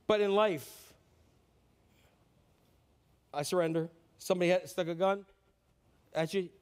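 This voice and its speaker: A man with a fairly high voice preaches a sermon in a relaxed, conversational way. He acts out the quotes he reads and swings between quiet, heavy lines and sudden cheering bursts. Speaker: pastor.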